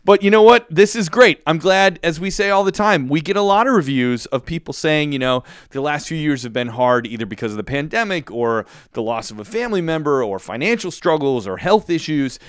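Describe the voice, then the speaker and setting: An enthusiastic male podcast co-host in casual chat, on the higher side for a man. His voice is smooth and clear, recorded dry on a close mic. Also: animated, a little fast, hardly any pauses, no echo. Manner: enthusiastic, affirming.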